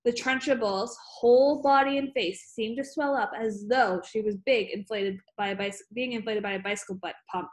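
A woman's voice: a little high, moderate pace, few pauses. A woman narrating a children's novel aloud, reading steadily with occasional slips and fillers. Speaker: audiobook reader. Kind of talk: storybook narration.

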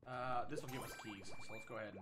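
A man giving casual, excitable commentary while playing a game at home, exclaiming often and talking to himself. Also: medium pitch, fast. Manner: excitable, frequent exclamations, self-talk. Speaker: gaming channel host. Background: game music.

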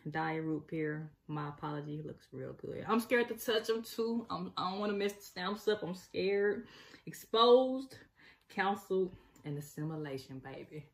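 A woman with a fairly low, animated voice chats at normal speed while unboxing makeup for her vlog. Shot on a phone camera, the clip is casual and excited, full of gushing, laughter, and repetition.

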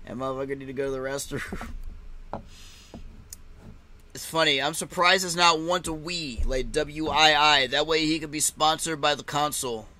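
A man's voice: on the high side, moderate pace, pauses often, sharp tone. A man casually chatting and laughing as he reacts live to a fight card, with loose, swearing banter.

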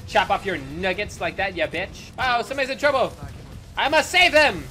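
Man, game commentary host, jokey, loud, swearing, very lively pitch, bright. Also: moderate pace, soft background music. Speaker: gaming channel host. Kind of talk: energetic gameplay commentary.

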